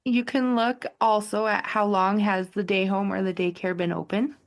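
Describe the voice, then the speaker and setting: A woman with a middle-pitched, gravelly voice full of vocal fry. She explains things in a practical, matter-of-fact way on a relaxed podcast. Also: moderate pace. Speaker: podcast co-host, childcare provider. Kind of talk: casual chat.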